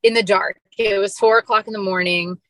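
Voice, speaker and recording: A woman's voice: medium pitch, steady tone, brisk, fairly bright tone, no room sound. A woman guest on a podcast, telling a personal story in an earnest, emotional way with casual fillers. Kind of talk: personal story told in an interview.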